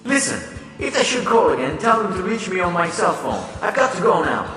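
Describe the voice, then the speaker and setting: A nervous female event organizer played by a man pleads in a high, lively, bright voice. She sounds frantic and rushed. The voice comes from well away from the mic in a big, reverberant hall. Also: soft background music, exaggerated voice. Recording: echoey hall, far from the mic.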